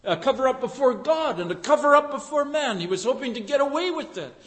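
Male preacher, very high voice, fervent sermon delivery, reverberant church hall. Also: lively intonation, brisk. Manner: fervent, rising to loud emphatic passages. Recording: echoey hall with long reverb.

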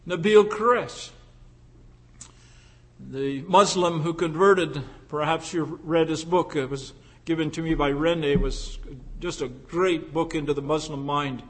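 Impassioned high-voiced male preacher. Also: fairly even intonation, measured pace. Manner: impassioned preaching, swinging from loud to hushed. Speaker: pastor. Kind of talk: sermon.

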